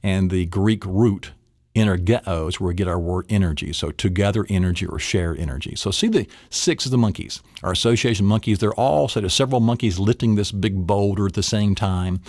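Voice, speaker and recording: A man's voice: low voice, a little fast, darkish tone, dry recording, clean studio sound. A middle-aged man teaching a memory technique, playful and acting out little scenes along the way. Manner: playful, acts out little scenes in silly voices. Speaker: memory trainer.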